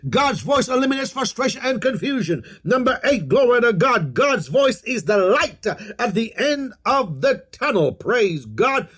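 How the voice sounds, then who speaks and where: A male preacher with a high, husky voice delivers a slow sermon, his pitch swinging widely as he stresses each phrase. He leads call-and-response, repeating emphatic declarations. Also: big pitch swings, a bit bright.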